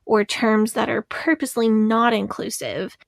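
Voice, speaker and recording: A woman talks through her advice on a podcast, earnest and a little halting as she restarts her sentences. Her voice sits on the high side, recorded close and dry. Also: flat delivery, gravelly, dry recording. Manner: earnest, thinks aloud with restarts. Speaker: podcast co-host. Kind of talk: casual chat.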